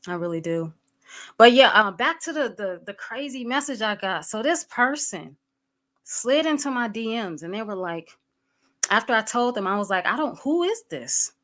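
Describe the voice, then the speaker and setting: A woman's voice: fairly high pitch, animated, normal speed, a bit bright. A woman hosting a livestream, talking candidly to her viewers and greeting people in the chat as they arrive. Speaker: livestream host.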